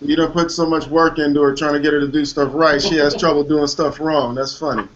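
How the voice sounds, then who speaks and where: A man asks a vocal coach about technique in casual, halting questions. His voice sits a little high, and the sound is muffled. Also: fairly even intonation, slight background noise. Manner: halting questions with many ums. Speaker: interviewer. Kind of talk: casual conversation.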